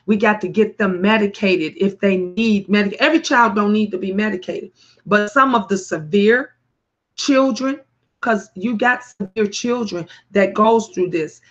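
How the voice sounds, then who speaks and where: A woman hosting a talk stream and reading viewers' comments, speaking emphatically and bluntly with sudden loud rises and some swearing. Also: medium pitch, measured pace, lo-fi sound.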